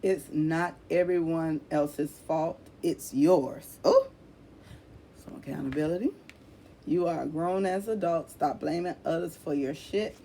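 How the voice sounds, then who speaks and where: Woman, low-pitched tarot reader, casual and blunt, cusses, repeats lines for emphasis, light background hiss. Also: unhurried, warm tone. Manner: blunt, swears freely, calls listener honey.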